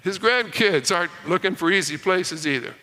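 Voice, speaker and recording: A man preaching a sermon in a big reverberant hall. His voice is bright and crisp, a little higher than most. He tells a story and drops to a hush on the key lines. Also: moderate pace.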